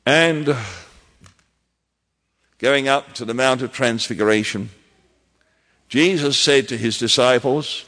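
A man preaching a sermon as pastor, in a measured way with emphatic repetitions. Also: mid-range voice, fairly bright tone, in a large hall.

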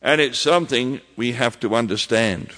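A man preaching a sermon as pastor, in a measured way with emphatic repetitions. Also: mid-range voice, sharp tone, long reverb tail.

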